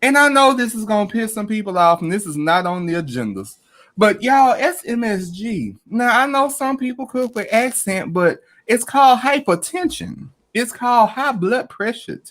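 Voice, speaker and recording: A man hosting a casual podcast chat, animated, swearing and laughing often. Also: high voice, normal speed. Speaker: podcast host.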